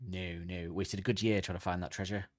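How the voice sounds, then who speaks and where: A podcast co-host chats casually on a comedy show, joking and slipping into silly put-on voices. He speaks low with little pitch movement and a little fast, in a dry, studio-quality recording.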